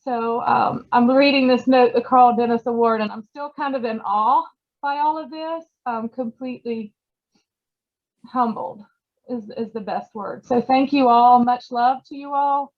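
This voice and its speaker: A woman, her voice a bit higher than most, speaks through tears in a halting, choked-up way, filling pauses with "um." The sound comes over a video call and is dull and lo-fi. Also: steady tone. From Georgia, USA. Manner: choked up, halting, many fillers. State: tearful. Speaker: award recipient. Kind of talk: emotional acceptance speech.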